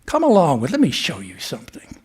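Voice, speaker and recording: A man voicing a fatherly male lion in a low, coaxing storybook voice that sometimes drops to a hush. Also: huge pitch swings, brisk, breathy edge, heavily acted. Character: gruff, fatherly male lion, patient and commanding.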